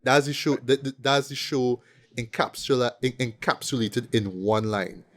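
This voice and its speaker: Casual podcast co-host, man, animated and profane, mid-range voice. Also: mid-range voice, moderate pace. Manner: animated, profane, acts out quoted lines. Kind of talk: casual ranting movie review.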